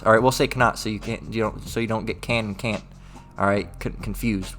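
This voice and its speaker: Man, lowish voice, casual scripture teacher, keeps asking "all right?", reads old verses aloud, faint music underneath. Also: fairly even intonation, a little fast, few pauses, a bit bright. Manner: repetitive, checks in with "all right?". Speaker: religious teacher.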